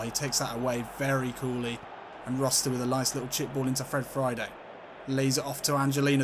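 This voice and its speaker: A man commentating on his own football video game, casual and sweary, calling the play and getting loud on goals. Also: medium pitch. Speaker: gaming commentator.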